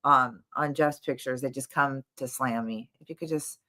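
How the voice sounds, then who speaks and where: Bright-voiced woman, chatty blunt co-host. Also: very deep voice. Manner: chatty, blunt opinions, quick asides. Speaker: co-host of a live daily show. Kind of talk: casual live-stream chat. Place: hotel room.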